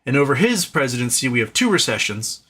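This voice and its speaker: A man's voice: mid-range voice, very animated, fast, a bit bright. A man hosting a political livestream, ranting with exasperated sarcasm, swearing and restarting his sentences. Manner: exasperated, sarcastic, swears, mocks opponents with put-on quotes; fillers and repeated restarts.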